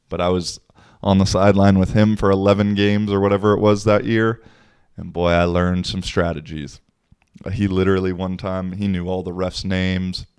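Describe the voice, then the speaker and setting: A man's voice: low voice, a little mellow, smooth, no echo, clean studio sound. A man, hosting a casual podcast and telling a rambling story with swearing and laughs. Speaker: podcast host. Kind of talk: casual solo podcast talk.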